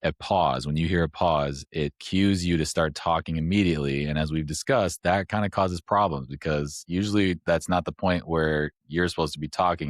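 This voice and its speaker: Brief: male podcast host, extremely deep voice, rambling casual explainer, dry close sound. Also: no room sound. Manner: rambling, explains step by step with fillers.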